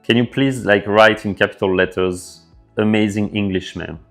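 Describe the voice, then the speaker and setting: A man with a French accent, hosting a casual developer livestream and answering viewer questions in a relaxed way with lots of fillers. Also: on the low side, normal speed, gravelly. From France. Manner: relaxed, filler-heavy, thinking aloud. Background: faint background music.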